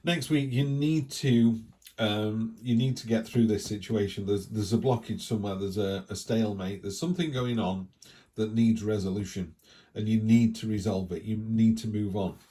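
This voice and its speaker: A man's voice: lowish voice, normal speed, mellow. A middle-aged man with an English accent giving a casual, rambling weekly tarot reading, breaking off now and then to cough. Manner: chatty, rambling, with asides. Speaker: tarot reader.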